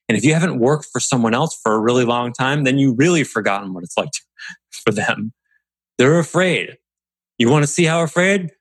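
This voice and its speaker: A man giving a casual instructional talk as a business coach, explaining in a relaxed, conversational way and acting out little bits of quoted dialogue. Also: medium pitch, slightly rough, dry recording.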